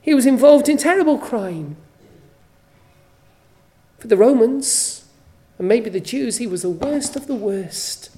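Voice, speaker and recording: A woman preaching a sermon at a church service, slow and emphatic, with repeated phrases for weight. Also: a little high, expressive, dark tone.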